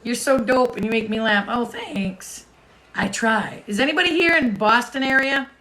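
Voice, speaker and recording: A woman's voice: fairly high pitch, normal speed, pushed and bright, rough recording. Chatty woman hosting a livestream. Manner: chatty, talks to viewers in the comments. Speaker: host. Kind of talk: casual livestream chat.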